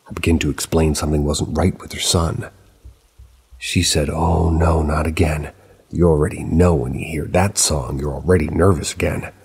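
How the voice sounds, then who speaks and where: A man calmly narrating a true paranormal story in a steady storytelling manner. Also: low voice, breathy edge. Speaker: narrator of submitted paranormal stories.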